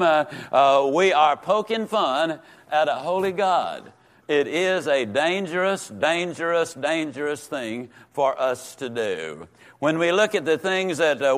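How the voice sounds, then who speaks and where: An older man teaching a Bible lesson in an emphatic, preaching manner, slowing down and repeating words for stress. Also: fairly high pitch. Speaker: Sunday school teacher. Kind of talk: sermon-style Bible teaching.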